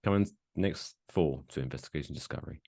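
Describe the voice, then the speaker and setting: A man's voice: extremely low pitch, fast talker, no room sound, clean studio sound. A man, co-hosting a casual podcast with jokes and swearing. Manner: animated, swearing, jokey. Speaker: podcast co-host.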